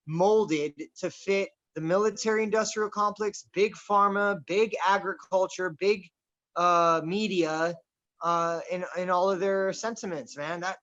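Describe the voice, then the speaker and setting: A man hosting a casual political chat, talking in a boisterous, loud and animated way. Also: sits high. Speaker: podcast host. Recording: dull lo-fi recording.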